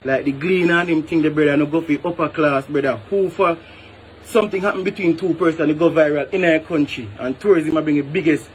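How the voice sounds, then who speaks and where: A man's voice: on the high side, quick pace, slight background noise. A man with a Jamaican accent, a hotel worker venting emphatically and tagging phrases with "brother". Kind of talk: venting to camera.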